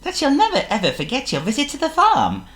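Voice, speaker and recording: A man voicing a kindly mother mouse in a storybook, speaking in a gentle, knowing way. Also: very high-pitched, wildly swooping pitch, brisk, roomy sound, pitched above the performer's own voice, full character voice. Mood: fond.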